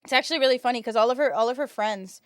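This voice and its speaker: This is an animated American streamer, a 22-year-old woman in her early 20s, chatting slangily and telling stories to her viewers. She talks rapid-fire at a fairly high pitch, on a dry recording.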